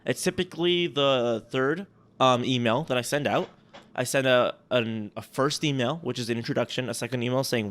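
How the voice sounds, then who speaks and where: A man's voice: medium pitch, normal speed, a bit bright. A man from the United States co-hosting a casual podcast, rambling and self-mocking and laughing easily. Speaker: podcast co-host.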